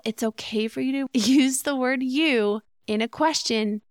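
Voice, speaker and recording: Woman podcast host, relationship advice talk, earnest teaching manner, gravelly smooth voice, dry close sound. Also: a little high, unhurried, hardly any pauses, dry recording. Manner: earnest, instructive, acts out example phrases.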